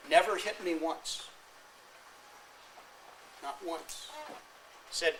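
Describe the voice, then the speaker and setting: A man's voice: fairly high pitch, unhurried, long pauses, fairly bright tone. Wry storytelling man in his fifties, lecture hall. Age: 50s. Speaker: guest speaker. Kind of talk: classroom talk. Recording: distant mic with faint room noise.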